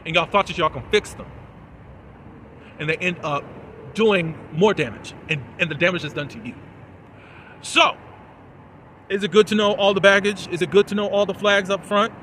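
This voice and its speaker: A man giving a chatty, animated recap and commentary on a TV episode, full of fillers, recorded outdoors in a city. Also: high-pitched, normal speed, long pauses, a little hiss or hum. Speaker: TV episode reviewer.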